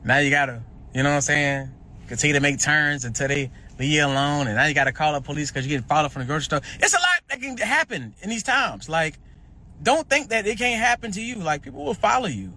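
A man giving casual direct-to-camera commentary, animated and preachy, warning his viewers in slang-heavy talk. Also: a little high, quick pace. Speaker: social media commentator.

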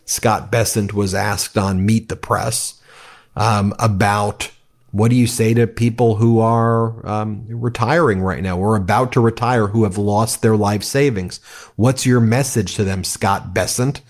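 A man delivering fiery political commentary in a fairly low voice. His tone is scornful and angry, and he rattles off complaints in a ranting rhythm. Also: steady tone, measured pace.

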